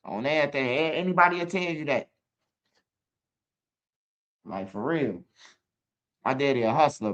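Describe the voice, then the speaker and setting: A man's voice: a little high, fairly bright tone. A man with a Chicago accent hosting his own channel, telling rambling, profane stories and talking straight to his viewers. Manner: profane, rambling, fills lines with "bro"; talks straight to viewers, asks for comments. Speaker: channel host. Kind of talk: casual storytelling monologue.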